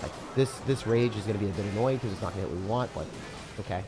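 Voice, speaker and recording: A man with a rough morning voice giving casual live commentary on a game he is playing, chatting and reading viewer comments aloud. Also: fairly low pitch, racing, noisy background. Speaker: game streamer.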